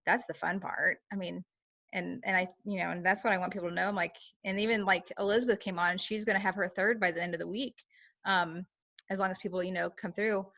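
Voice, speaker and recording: This team member speaks fast in a lowish, steady voice with a sharp edge, chatting about her experience and acting out quoted talk amid plenty of fillers. The sound is lo-fi.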